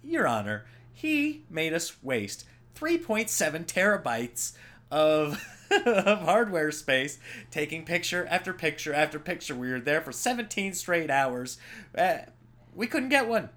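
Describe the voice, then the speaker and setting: A man's voice: a little high, sing-song, unhurried, a bit bright, voice pushed up. A man putting on the voice of an exasperated police officer complaining to a judge in a whiny, incredulous tone.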